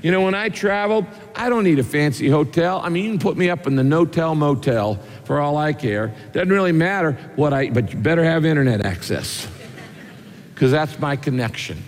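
A man's voice: on the high side, in a large hall. A man preaching a sermon, telling homey stories and asking rhetorical questions. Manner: folksy storytelling with rhetorical questions. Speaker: pastor.

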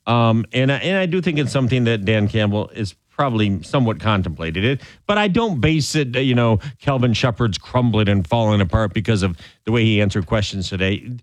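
A man hosting sports talk radio, opinionated and animated, often restarting his sentences. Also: fairly low pitch, fairly quick, hardly any pauses, dry recording.

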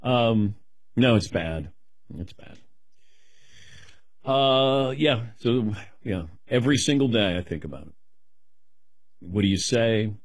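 A middle-aged man taking questions as a guest, rambling in a self-deprecating, animated way. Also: mid-range voice, measured pace, no room sound. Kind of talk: casual rambling chat.

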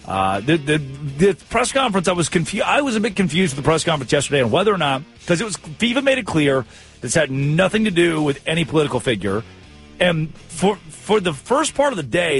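A man hosting a sports talk show, telling stories in animated, jokey, rambling banter. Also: a little high. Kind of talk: casual comedic radio banter.

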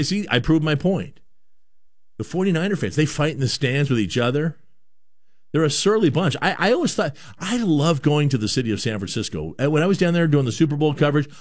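Man, sports talk host, rambling and opinionated, lively pitch, born in Canada. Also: dry recording, studio quality. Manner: rambling, animated, repeats words. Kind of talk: opinionated sports radio monologue.

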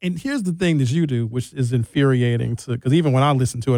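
A man hosting a radio talk show, telling lively stories with impressions. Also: medium pitch, fast talker, no room sound, studio quality. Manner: animated storyteller, slips into impressions. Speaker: radio host. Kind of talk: lively casual radio banter.

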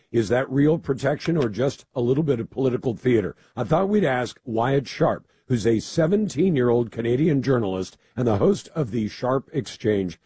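A man hosting a talk radio show with a gravelly, hoarse voice, asking pointed questions in a conversational way. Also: mid-range voice, mellow.

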